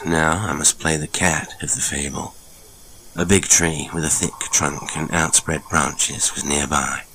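A man narrating a classic adventure story in a measured, dramatic storytelling manner. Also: rumbling low, a bit bright, slight background noise. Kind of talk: scripted audiobook narration.

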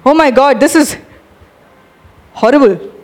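High-voiced woman preaching energetically. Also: unhurried. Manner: energetic, urging the audience, animated demonstrations. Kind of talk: sermon.

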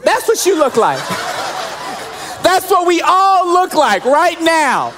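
Lively joking young male pastor. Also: very high-pitched, slow pace, faint music behind, some chatter behind. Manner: animated, joking, playacts scenes. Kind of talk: sermon.

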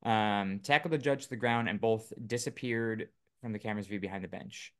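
A man's voice: fairly low pitch, a little fast, a bit bright, smooth. A man co-hosting a casual podcast, reading news items aloud with lots of fillers and joking asides. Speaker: podcast co-host. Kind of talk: casual chat.

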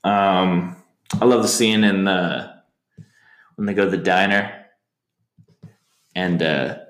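A man with a low voice talks through his favorite film scenes in a loose, halting way. He stumbles, restarts and jumps into high-pitched impressions. The room sounds echoey around him. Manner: rambling, hesitant, acts out movie lines in high voices. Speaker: podcast co-host. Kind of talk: casual film chat.

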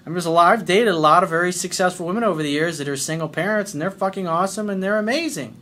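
A middle-aged man with a slightly high voice talks straight to the listener. He gives dating advice bluntly and emphatically, swearing freely and never softening his words. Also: very fast.

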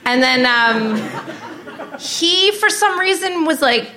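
A woman's voice: high-pitched, lively intonation, slow pace, crowd noise. A woman comedian guest in a casual podcast chat, telling candid anecdotes.

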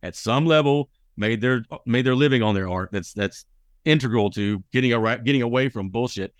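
A man with a Southern US accent, an interview guest telling stories in a casual, animated way and mimicking other people. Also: mid-range voice, normal speed, dry recording, studio quality. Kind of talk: casual storytelling conversation.

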